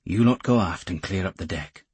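Man reading burly gruff commando, curt low orders, deep husky voice, dry sound. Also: brisk, darkish tone, no echo.

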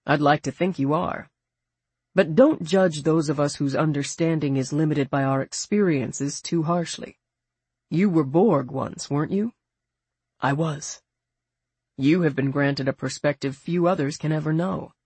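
A narrator voicing a thoughtful, courteous male officer who speaks in a measured way. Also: mid-range voice, husky, no echo, lightly acted.

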